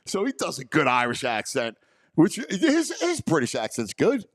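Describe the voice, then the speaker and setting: A man's voice: on the high side, huge pitch swings, moderate pace, no room sound. A man hosting a sports talk show in a studio, chatting with enthusiasm and heaping on praise.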